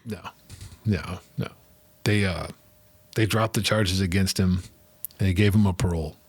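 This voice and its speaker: A man speaks in a low, husky voice in a candid interview. He tells his story with energy and acts out the people he quotes. The sound is dry and close, with no room echo. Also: normal speed. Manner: animated, acts out quoted voices, frequent "right?" and "like". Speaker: interview guest.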